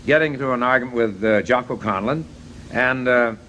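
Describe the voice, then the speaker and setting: A middle-aged man, a baseball manager and guest on a TV talk show, telling blunt, jokey anecdotes in animated chat. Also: medium pitch, fairly quick, slight background noise.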